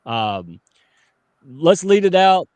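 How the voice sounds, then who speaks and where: A man in his forties hosting a casual talk show, joking and teasing his guest in an animated way. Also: on the high side, extremely slow, no room sound. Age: 40s.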